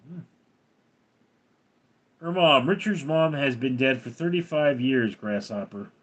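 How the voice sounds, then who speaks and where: An older man hosts a casual livestream, reading comments aloud one by one. He talks slowly and dryly, with a deadpan edge. His pitch rises and falls a lot as he answers. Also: highs cut off. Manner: reads viewer comments aloud, dry and deadpan. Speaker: livestream host reading chat.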